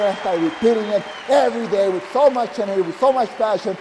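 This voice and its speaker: High-voiced Spanish-accented motivational speaker man. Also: fast talker, hardly any pauses, big-room sound, a crowd in the background, noisy background. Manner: energetic, emphatic, repetitive. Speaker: motivational speaker and business coach. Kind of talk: motivational speech.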